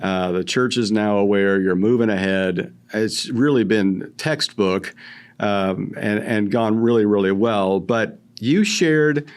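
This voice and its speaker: A man hosting a podcast interview, speaking in a measured, affirming way. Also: fairly low pitch, smooth. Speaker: podcast host. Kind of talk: interview conversation.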